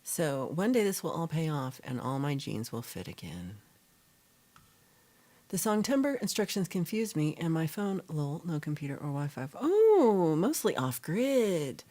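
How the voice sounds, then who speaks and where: This livestream host's low-pitched, slightly mellow voice swings widely in pitch at a normal speed. Chatting casually, she reads and answers viewers' comments, rambling with fillers and self-corrections.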